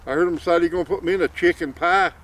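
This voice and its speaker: A man's voice: on the high side, fairly even intonation, fast, a bit bright, natural voice. A man playing a fretful scrawny old rooster. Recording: distant mic, faint outdoor noise.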